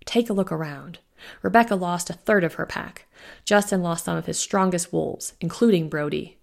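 A woman voicing a man who is a former hunter, speaking with forceful frustration. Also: fairly low pitch, moderate pace, gravelly. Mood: urgent. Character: defiant man, former hunter, protective mate.

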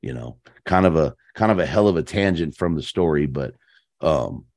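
A man with an extremely low, deep voice tells hunting stories as a podcast guest. He talks in an animated, easygoing way and sprinkles his sentences with slang. The sound is dry and close, with no room echo. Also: normal speed. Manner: animated, slangy, peppers speech with "man" and "dude". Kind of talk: casual storytelling chat.

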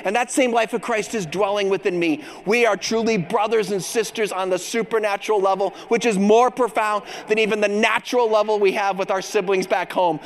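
A man's voice: high-pitched, fairly even intonation, brisk, few pauses. A man giving a keynote talk at a large conference, moving from personal storytelling to rousing exhortation. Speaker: keynote speaker. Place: large dome arena before a crowd.

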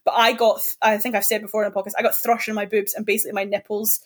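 A woman's voice: medium pitch, level tone, rapid-fire. A woman co-hosting a podcast, telling open, rambling personal stories in casual chat. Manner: open, confiding, rambling storytelling. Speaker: podcast co-host.

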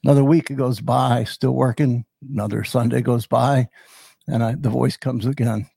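Older male podcast host in his 70s, gravelly and husky, rambling storyteller. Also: medium pitch, fairly even intonation, normal speed, mellow, no echo. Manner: rambling, many fillers and restarts. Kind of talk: personal storytelling.

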